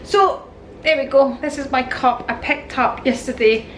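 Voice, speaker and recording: High-voiced chatty woman in her fifties. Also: measured pace, background noise. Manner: chatty, rambling, homely. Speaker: lifestyle vlogger. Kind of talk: casual chat to camera. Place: at home.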